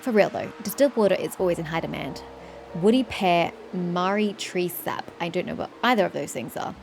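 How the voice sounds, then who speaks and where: A woman's voice: fairly low pitch, lively intonation, fairly quick, vocal fry, darkish tone, soft background music. A woman playing a story game, chatting and thinking aloud with casual swearing. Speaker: gamer. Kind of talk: let's play commentary.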